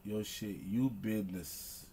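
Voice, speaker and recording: A young man, reacting on stream in loud, excitable, slangy commentary that keeps repeating itself. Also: fairly low pitch, slow pace, slight background noise. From Chicago. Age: young adult.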